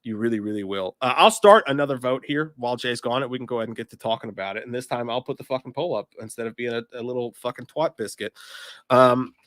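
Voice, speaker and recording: A man's voice: mid-range voice, fast, a bit bright, no echo. Coughing, profane livestream host, a man. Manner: profane, jokey, reads chat comments aloud. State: congested, coughing from illness. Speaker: livestream movie podcast host. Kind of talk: casual livestream chat.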